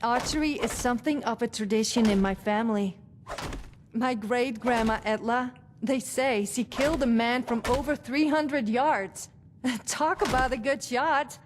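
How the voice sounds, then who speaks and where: A woman voices a proud female archer with a Nord accent that sounds Scandinavian. She talks of glory in a practical, matter-of-fact way, her voice sitting a touch high over a faint background hiss. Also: a little slow, close to an everyday voice. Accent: Nord-style Scandinavian-sounding. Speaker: game character.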